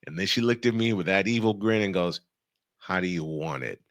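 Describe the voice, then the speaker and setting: A man hosting a radio show, telling a funny story in casual chat, animated and laughing often. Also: low-pitched, no room sound. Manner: animated, laughing, quick bursts of speech. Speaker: radio and podcast host.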